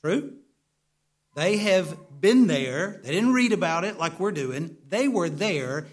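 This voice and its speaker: A man's voice: high-pitched, slow. A man preaching a sermon in a conversational way, often stumbling and repeating words while he calls out to his congregation. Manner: animated, calls for responses from the congregation. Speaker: pastor.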